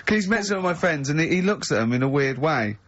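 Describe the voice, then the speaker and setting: A man hosting a radio chat, telling animated stories about his friends and acting out their lines. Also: fairly high pitch, fast, no echo, muffled recording. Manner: animated storyteller, acts out friends' lines, laughs often.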